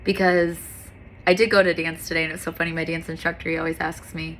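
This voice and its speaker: A woman's voice: on the low side, steady tone, fast, bright, forceful tone, a little hiss or hum. A woman yoga instructor talking in an earnest, candid, heartfelt monologue, with frequent fillers.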